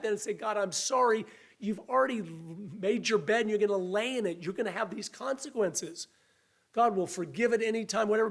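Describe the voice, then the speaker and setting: A high-voiced man delivering a sermon. He speaks earnestly and conversationally, with a voice that sounds a little weak. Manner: earnest, conversational preaching with restarts and acted quotes. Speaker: preacher.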